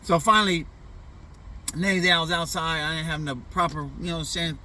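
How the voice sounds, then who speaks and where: A man's voice: on the high side, fairly even intonation, brisk, sharp tone, distant mic. Laid-back man telling a profane story. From US Pacific Northwest. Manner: loose, profane street slang with frequent "you know what I'm saying". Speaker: vlogger. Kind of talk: casual storytelling.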